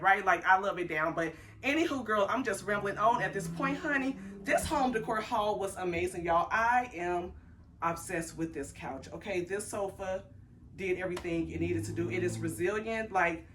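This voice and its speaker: A woman reviewing a couch in her small apartment living room, chatty and animated, calling viewers girl, honey and y'all. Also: mid-range voice, recorded from a distance. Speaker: home vlogger reviewing a couch. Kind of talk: casual chatty product review.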